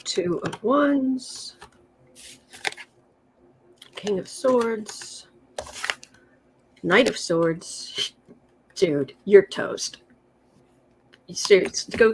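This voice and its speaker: A woman hosting a casual livestream, reading tarot cards aloud with sarcastic, chatty asides. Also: mid-range voice. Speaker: tarot reader and livestream host.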